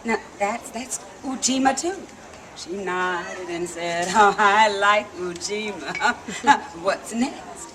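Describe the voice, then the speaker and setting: A woman storyteller giving an animated, playful live performance at an outdoor theme park stage. She leads the audience in call-and-response and laughs often. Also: high voice.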